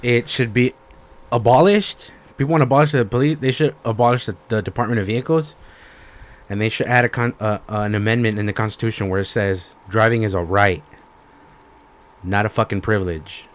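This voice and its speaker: A man's voice: lowish voice, fairly quick. A young man, hosting a podcast and ranting in casual, slangy, profanity-heavy storytelling. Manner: slangy, animated storytelling with lots of swearing. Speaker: podcast host.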